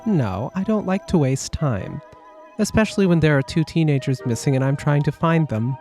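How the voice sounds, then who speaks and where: Man doing a curt, no-nonsense female sheriff in a game, higher-pitched, faint music under. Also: lively intonation, moderate pace, darkish tone, natural voice. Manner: curt and confrontational.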